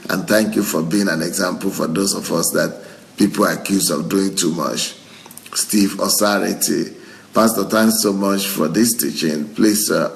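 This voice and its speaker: Reading out comments from his livestream viewers, this middle-aged pastor from Nigeria has a creaky voice on the low side. Frequent laughter and eager exclamations punctuate what he says.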